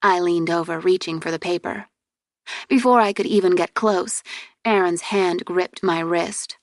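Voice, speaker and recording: A woman reading a novel aloud in the first person, with a steady storytelling delivery. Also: lowish voice, a little slow, no echo. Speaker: audiobook narrator. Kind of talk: first-person audiobook narration. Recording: dry close studio recording.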